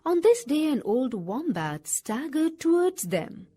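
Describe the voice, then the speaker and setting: Storyteller: woman, high, breathy, slow, expressive children's story reading. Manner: expressive, sing-song storytelling. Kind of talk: children's story read aloud.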